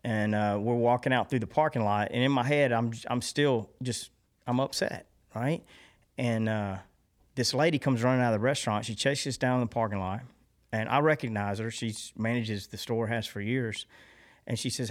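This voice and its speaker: A man on a podcast recounts a personal story in a confessional, earnest tone. His voice sits in an ordinary middle pitch, and he rambles with restarts and fillers before turning reflective. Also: moderate pace. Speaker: podcast co-host.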